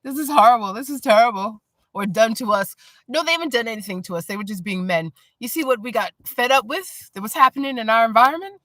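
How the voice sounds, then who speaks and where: A woman chatting casually on a live stream, blunt and animated, often breaking into laughter. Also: on the high side, fast talker, no room sound. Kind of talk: casual chat.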